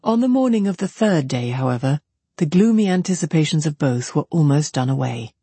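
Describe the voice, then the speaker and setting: A narrator giving a measured, even reading of a classic novel. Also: medium pitch, husky, dry recording. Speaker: audiobook narrator.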